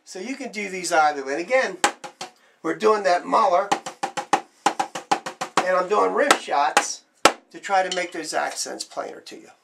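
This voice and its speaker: A man's voice: high voice, measured pace, gravelly, long pauses, over loud music. A man teaching drum strokes, explaining plainly and counting beats aloud as he demonstrates. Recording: loud background noise.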